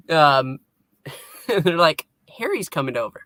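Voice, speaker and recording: A podcast co-host calmly summing up an episode's scenes, with small hesitations and quoted lines. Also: mid-range voice, normal speed, no room sound. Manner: plain storytelling with little hesitations and quoted lines. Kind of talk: casual episode recap chat.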